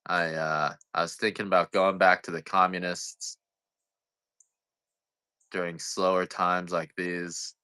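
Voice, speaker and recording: A man with a low voice and a forceful, bright edge rambles through a casual livestream as he sells coffee. He jokes at his own expense and drifts from thought to thought. The sound is dry and close, with no room around it. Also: little pitch movement, takes it slowly, pauses often, clear, resonant tone, no echo. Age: adult parent. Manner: rambling, self-deprecating, joking.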